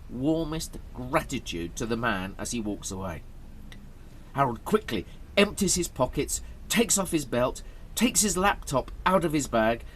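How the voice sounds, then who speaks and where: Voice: medium pitch, a bit bright, slight background noise. A narrator reading a graded story aloud for English learners, telling it dramatically.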